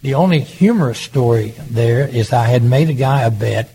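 An older man, a former governor, recounts anecdotes at an ordinary pitch. He slips into the voices of the people he quotes as he tells each story. A faint background hiss sits under the recording. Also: normal speed, warm tone, rough recording. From Oklahoma. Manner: anecdotal, acts out quoted dialogue. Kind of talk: storytelling interview.

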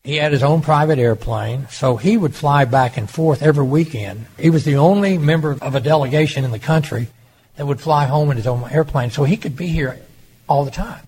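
A man's voice: on the high side, fairly quick, darkish tone, rough recording. Older guy telling old political stories, acts out the quotes, faint hiss behind him. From Oklahoma. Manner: anecdotal, acts out quoted dialogue. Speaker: former governor, interviewee. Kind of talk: storytelling interview.

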